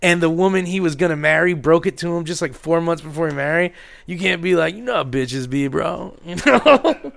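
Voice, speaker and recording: A man trading stories on a casual podcast, his voice a touch high with a gravelly edge. He tells stories animatedly, dropping to quiet murmurs when things turn serious. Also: brisk. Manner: animated storyteller, drops to low quiet tones for serious parts. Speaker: podcast co-host. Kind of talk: casual profane storytelling chat.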